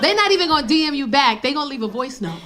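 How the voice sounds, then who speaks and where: A woman's voice: sits high, big pitch swings, racing, background noise. A woman stand-up comedian telling a dating story and working the crowd, brash and swearing. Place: comedy club stage. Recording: live club with crowd laughter.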